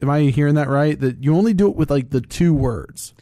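A man's voice: fairly high pitch, expressive, brisk, dark tone, no room sound, studio quality. A man guesting on a podcast, talking in a laid-back, wry way. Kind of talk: casual chat.

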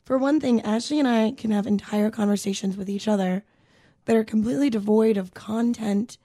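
Mellow-voiced swearing woman co-host. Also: on the high side, brisk, no room sound, clean studio sound. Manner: swears freely, rambling storytelling. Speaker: podcast co-host. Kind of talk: casual chat.

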